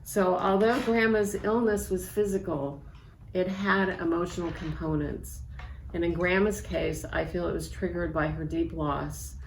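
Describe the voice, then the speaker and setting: A woman in her sixties, an author reading aloud from her memoir in a measured, reflective way. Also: on the low side, steady tone, gravelly. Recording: echoey room with faint background noise.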